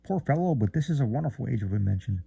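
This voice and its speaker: A man's voice: mid-range voice, animated, fast, vocal fry, dark tone, slightly rough, no echo, lo-fi sound, full character voice. A man reading aloud, voicing a chattering, fussy society lady who gushes breathlessly from one remark to the next. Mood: gushing. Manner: breathless, gushing, flitting between remarks.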